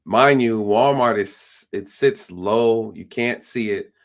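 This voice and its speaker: Gravelly low-voiced man telling a story. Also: slow. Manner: animated, acts out the other people's lines; repeats phrases, fills with "you know" and "like". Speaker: police officer telling a story as a guest. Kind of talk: casual storytelling on a live stream.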